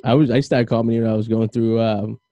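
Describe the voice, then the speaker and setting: A man's voice: fairly low pitch, flat delivery, fast, warm tone, no room sound, lo-fi sound. A man with a Boston accent hosting a podcast, chatting in a loose, rambling, jokey way. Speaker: podcast host. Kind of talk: casual podcast chat.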